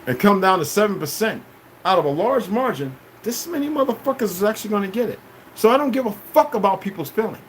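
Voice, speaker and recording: High-voiced man in a cursing livestream rant. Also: a little hiss or hum. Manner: confrontational, cursing, shifts between shouting and low muttering. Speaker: livestreamer answering chat.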